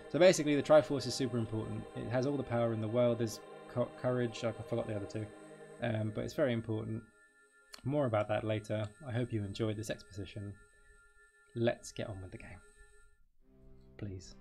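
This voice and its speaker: A man's voice: medium pitch, fairly even intonation, brisk, gravelly, long pauses, darkish tone, faint music behind. A man doing live game stream commentary, chatty and rambling, joking with his chat.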